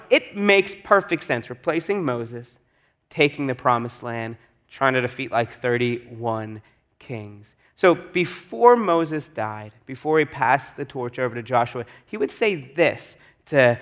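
A man's voice: medium pitch, lively intonation, measured pace, a bit bright. A male pastor giving a sermon in a casual, conversational way, repeating key phrases for emphasis.

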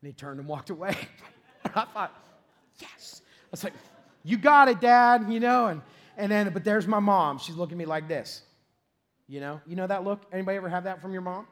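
A middle-aged man preaches from the pulpit in a fairly high voice. He tells a self-deprecating story with plenty of laughter, then builds to shouted, excited peaks. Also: brisk, pauses often. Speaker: pastor. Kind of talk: storytelling sermon.

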